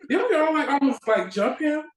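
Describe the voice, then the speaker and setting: A woman guest on an interview show, telling stories in a casual, lively way and acting out the exchanges she remembers. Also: high-pitched, brisk, reverberant, rough recording. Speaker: guest actress. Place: at home near a railway line.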